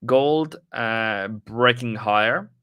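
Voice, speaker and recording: A man's voice: medium pitch, slow pace, sharp tone, smooth, no room sound, clean studio sound. A man casually commenting on a live trading stream, rambling and chatting with viewers as he goes through the charts.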